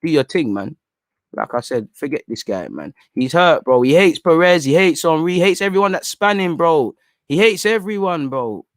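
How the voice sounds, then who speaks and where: A young man hosting a livestream, talking in animated, slangy casual banter. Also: a little high, moderate pace, no room sound, studio quality. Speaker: fan channel livestream host.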